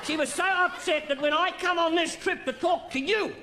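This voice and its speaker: A man's voice: very high-pitched, normal speed, bright, forceful tone, some chatter behind, a little hiss or hum, exaggerated voice. A man doing a leering, crude old Australian boaster. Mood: sly bawdy. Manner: bawdy, leering, mock-sentimental storytelling. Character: crude boastful older Australian male diplomat. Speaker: stand-up comic in character. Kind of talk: stand-up character comedy.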